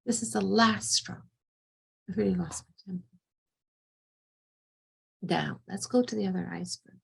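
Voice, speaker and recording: A woman's voice: mid-range voice, normal speed, gravelly, long pauses, husky. A middle-aged woman psychotherapist leading a training session, telling a vivid first-person scenario.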